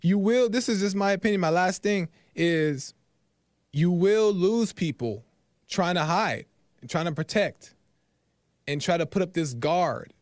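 A man's voice: high-pitched, unhurried, no room sound, studio quality. A man hosting a call-in talk show, sharing his opinions earnestly and repeating his points for emphasis.

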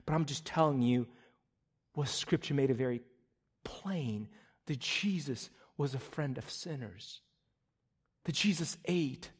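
A man in his thirties preaching a sermon, telling stories with animated swings between loud bursts and hushed lines. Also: a little high, breathy edge. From Russian Slavic community in the US. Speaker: pastor.

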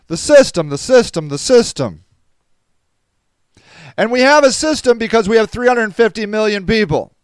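A man's voice: high-pitched, lively intonation, normal speed, pauses often, clean tone, no room sound. A tired man with a stuffy nose, hosting a podcast livestream and reading viewer comments in a rambling, casual way. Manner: rambling, restarts, reads viewer comments aloud. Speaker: podcast host reading live chat.

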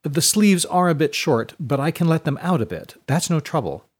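A man's voice: a little high, sing-song, moderate pace, voice pushed up. A man voicing a middle-aged tailor who is deferential and eager to please. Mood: fawning. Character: fawning middle-aged male tailor, father.

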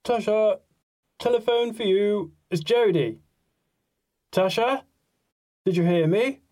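A man doing a curt, brisk father. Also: sits high, fairly even intonation, darkish tone, voice pushed up, natural voice. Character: curt middle-aged father answering the phone.

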